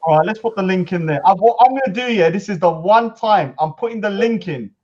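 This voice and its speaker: A man's voice: high-pitched, expressive, fairly quick, dull audio, a crowd in the background. A young man hosting a live call-in stream, brash and teasing in casual chat. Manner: brash, teasing, mock-insulting.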